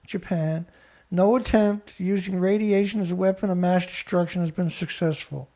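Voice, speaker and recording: A man hosting a show, reading research text aloud haltingly and breaking in with scornful remarks to an absent critic. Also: high voice, gravelly, a little mellow. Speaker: show host. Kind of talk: reading documents aloud with commentary.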